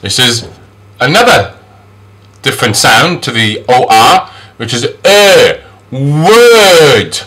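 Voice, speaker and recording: A man teaching English phonics, patiently modeling each sound slowly and with exaggeration. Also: medium pitch, very animated, bright, forceful tone. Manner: slow, exaggerated sound demonstrations; patient, reassuring. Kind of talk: phonics lesson.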